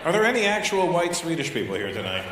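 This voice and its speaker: A man from Canada doing live stand-up comedy, animated and punchy, bursting into shouted voices. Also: a little high, a little fast. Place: comedy venue stage. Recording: live show, roaring crowd and noise.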